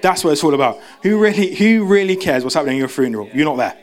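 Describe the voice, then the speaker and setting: This young man's casual church sermon comes rapid-fire with lively intonation. He's conversational and self-interrupting, and he bumps his pitch up whenever he acts out someone's words.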